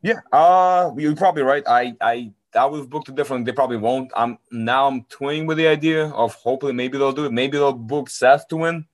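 A man's voice: medium pitch, brisk, hardly any pauses. An easygoing male co-host chatting casually. He talks with plain enthusiasm in an everyday voice. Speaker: podcast co-host. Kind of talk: casual chat.

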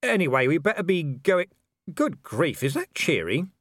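A man's voice: fairly high pitch, very animated, normal speed, a bit bright, no room sound, pitched above the performer's own voice. A man voicing a wry, evasive middle-aged male watch commander with a dry way of talking. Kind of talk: audiobook character voice.

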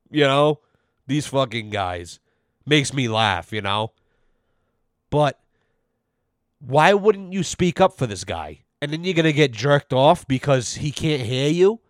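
Man, podcast host, profane rambling storyteller, mid pitch, dry close sound. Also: animated, slow, long pauses, smooth, no room sound. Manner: profane, rambling, acts out quoted voices. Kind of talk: casual storytelling rant.

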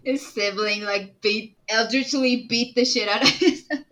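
Bright-sounding woman player in a tabletop game, joking around. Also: a little high, moderate pace, rough recording. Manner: casual, joking, mid-scene asides. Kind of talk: tabletop role-play, describing her character.

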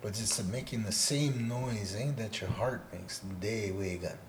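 A man co-hosting a casual podcast, talking in a relaxed way and often ending his sentences with "eh?", growing loud and laughing when he tells stories. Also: mid-range voice, measured pace, a little hiss or hum. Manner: laid-back, ends phrases with "eh?", turns loud and laughing when telling stories. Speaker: podcast co-host teaching Odawa. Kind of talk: casual conversational chat.

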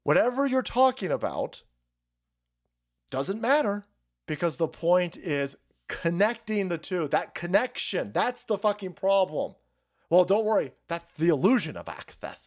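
A man's voice: sing-song, unhurried. A man hosting a political stream, ranting with heavy swearing and sarcasm. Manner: sarcastic, swears a lot, pitch swings widely. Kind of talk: profane political rant.

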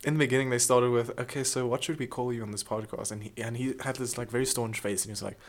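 A man's voice: mid-range voice, quick pace. Chatty male comedy podcast co-host. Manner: chatty, animated storytelling with playful impressions. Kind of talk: casual comedy podcast chat.

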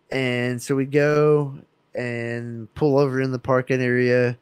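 A man's voice: mid-range voice, steady tone, unhurried, darkish tone, smooth, dry recording. A young man on a podcast, telling a road trip story in casual chat, swearing and laughing as he acts out the people in it. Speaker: podcast co-host.

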